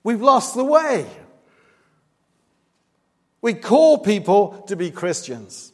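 Guy preaching, fairly high voice, earnest and punchy, long echo off the church walls. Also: very animated, slow, pauses often. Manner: earnest, emphatic, rising to loud stress on key points. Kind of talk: sermon. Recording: long reverb, hall-like.

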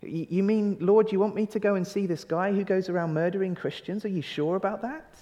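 A preacher acting out a nervous, stammering disciple, his voice a little raised and hushed, echoing with the long reverb of a large hall. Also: sits high, brisk, pitched above the performer's own voice, close to an everyday voice. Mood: frightened. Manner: stammering, hesitant. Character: frightened male disciple, doubting his orders.

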